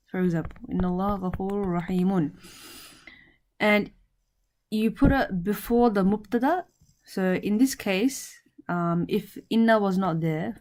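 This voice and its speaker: A woman teaching an Arabic grammar lesson, explaining patiently with many fillers and restarts and reciting prayers quickly. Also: on the low side, dark tone. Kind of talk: casual recorded lesson.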